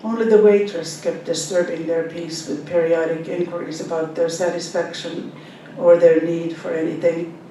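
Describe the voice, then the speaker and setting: A woman in her seventies with a Finnish accent, a Finnish speaker, reading her own novel aloud in an unhurried way with soft fillers, then talking about her characters. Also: fairly even intonation. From Finland. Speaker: author. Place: library event hall. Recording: echoey hall, speaker far from the mic, faint rumble.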